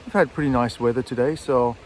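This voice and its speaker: Relaxed man teaching outdoors. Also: medium pitch, brisk, a little hiss or hum. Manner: chatty, relaxed, with frequent fillers and self-corrections; talking while out walking a dog. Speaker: English teacher and textbook author. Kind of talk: casual outdoor video lesson. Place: outdoors by a city river.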